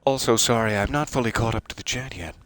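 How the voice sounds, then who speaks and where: A let's play streamer offers casual, playful commentary as he games, addressing the characters theatrically and making self-deprecating asides. His mid-range voice is fast and fairly bright, recorded dry.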